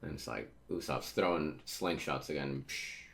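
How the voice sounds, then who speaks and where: A man's voice: sits low, animated, a little slow, vocal fry. A man casually reading a manga chapter aloud and reacting, often stumbling over words as he goes. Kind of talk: casual manga read-through with commentary.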